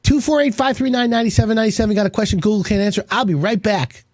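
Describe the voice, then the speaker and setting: A man's voice: high voice, very fast, darkish tone, dry recording, studio quality. A man hosting a home improvement radio show, rambling in enthusiastic salesman patter. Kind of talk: casual on-air talk.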